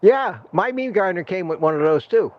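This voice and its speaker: A man's voice: high voice, expressive, normal speed, muffled recording. A man hosting a casual livestream chat, upbeat, laughing often and repeating himself. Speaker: livestream host.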